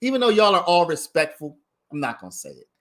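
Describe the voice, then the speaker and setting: A man's voice: a little high, huge pitch swings, quick pace, fairly bright tone. A man hosting a casual livestream, giving his commentary in a chatty way and talking straight to his viewers. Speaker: livestream host commenting on a trial.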